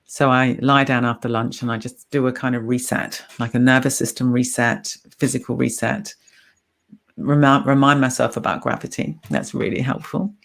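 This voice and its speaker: A woman with an anglicized New Zealand accent, a mindfulness teacher speaking as a guest in calm, encouraging casual chat. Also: extremely low pitch, moderate pace, vocal fry.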